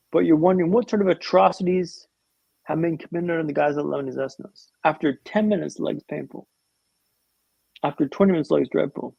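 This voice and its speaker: Husky high-voiced man telling a story. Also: mellow, no room sound, low-quality recording. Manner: vivid, humorous storytelling with dramatic pauses. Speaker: podcast guest. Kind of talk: storytelling in a podcast interview.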